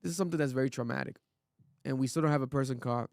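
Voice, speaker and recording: A man's voice: mid-range voice, very fast, gravelly, darkish tone, no echo, clean studio sound. A man from Rhode Island hosting a podcast, earnest and rambling with many fillers, losing his voice. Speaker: podcast host. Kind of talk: casual podcast chat.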